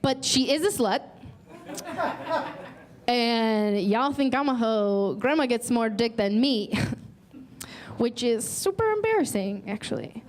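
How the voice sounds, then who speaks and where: A woman's voice: fairly high pitch, lively intonation, takes it slowly, long pauses. A woman from North Carolina hosting a stand-up comedy show, delivering brash, bawdy punchlines on a stage mic. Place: comedy stage with live audience.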